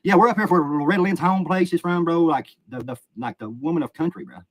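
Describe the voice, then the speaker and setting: An Appalachian-accented man from Eastern Kentucky, USA, rambles and curses while chatting casually on a livestream outdoors by a river. His voice is fairly high and a little fast, with no room sound.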